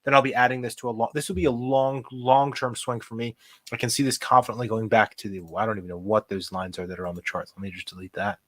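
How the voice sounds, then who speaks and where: A young man hosting a casual live stock show, chatting and thinking out loud as he reads charts. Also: mid-range voice, fairly even intonation, fast, no room sound. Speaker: host. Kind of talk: casual livestream stock commentary.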